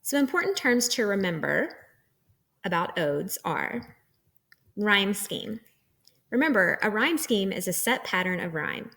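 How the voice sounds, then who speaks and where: Woman, teacher, recorded lecture, patient, step-by-step explaining, medium pitch. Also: very animated, a little slow, fairly bright tone.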